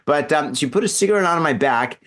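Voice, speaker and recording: Drunk male host, animated raconteur, very lively pitch. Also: fast talker. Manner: animated, acts out his own yelps and voices. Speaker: podcast host. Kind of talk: casual drunk storytelling chat. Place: home room in Japan.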